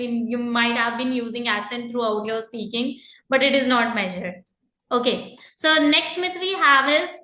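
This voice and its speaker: A woman's voice: sits high, pushed and bright, reverberant. A woman teaching an exam-prep lesson, explaining patiently to students with frequent fillers and repeated reminders. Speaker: IELTS teacher.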